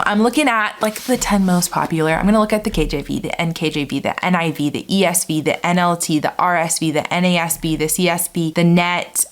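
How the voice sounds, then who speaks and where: A young woman with a slightly low voice talks through her Bible study method on her vlog. She is chatty and eager, and she often stops to read passages aloud. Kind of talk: casual teaching vlog.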